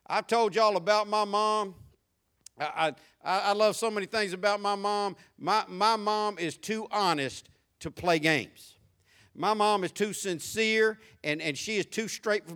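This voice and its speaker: A male pastor preaching a sermon, animated, moving from soft asides to shouts. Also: high-pitched, clean tone.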